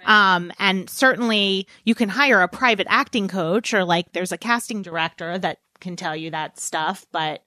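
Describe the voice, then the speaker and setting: A woman's voice: mid-range voice, moderate pace, hardly any pauses, sharp tone, no room sound. A woman guest on a podcast, agreeing and adding her thoughts in casual chat.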